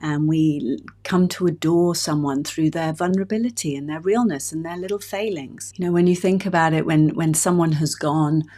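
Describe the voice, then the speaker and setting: A woman in her fifties, a relationship coach hosting her own podcast, speaking in a gentle, heartfelt, personal way. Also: low voice, normal speed. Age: 50s. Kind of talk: reflective solo podcast talk.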